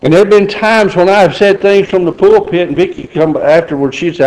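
A man's voice: high voice, brisk, hardly any pauses, a little mellow, poor audio. A middle-aged man preaching a sermon in a folksy, joking way. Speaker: pastor.

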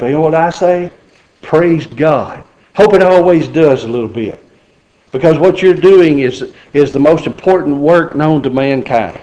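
A man's voice: a little high, a little slow, pauses often, mellow, poor audio. A middle-aged man preaching a sermon in a folksy, joking way. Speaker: pastor.

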